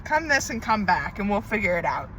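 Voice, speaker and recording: A woman speaks in a raw, unscripted diary-style monologue, repeating herself for emphasis and swearing freely. Her voice is bright and sharp-edged. Faint background noise sits under the recording. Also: mid-range voice, very animated, fairly quick, rough recording. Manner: swearing, venting, emphatic repetition. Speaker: tarot reader.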